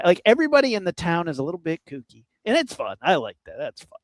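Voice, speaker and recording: A man's voice: on the high side, no echo, studio quality. A man co-hosting a podcast, chatting casually about horror movies in a rambling, joking way. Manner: rambling, animated, quick to joke. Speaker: podcast co-host.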